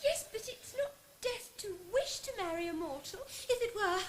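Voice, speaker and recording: A woman's voice: very high-pitched, animated, moderate pace, a little hiss or hum. A woman playing a playful, teasing young female fairy in an operetta. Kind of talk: operetta stage acting.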